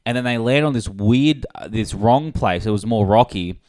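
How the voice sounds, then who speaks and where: A young man with an Australian accent co-hosting a podcast, telling animated, sweary stories and bantering casually. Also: fairly low pitch, normal speed, dry recording, clean studio sound. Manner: animated, swearing storyteller who slips into exaggerated voices. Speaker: podcast co-host.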